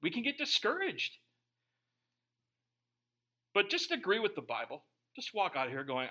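A male pastor gives a sermon in a bright, piercing, high-set voice. He reads scripture to his congregation and then drops into joking, conversational asides. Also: wildly swooping pitch, moderate pace, long pauses, poor audio. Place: church before a live congregation.

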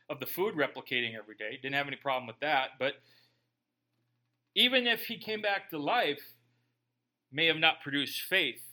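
A man preaching a sermon in an animated, conversational way, full of rhetorical questions to the congregation. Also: fairly high pitch. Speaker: pastor.

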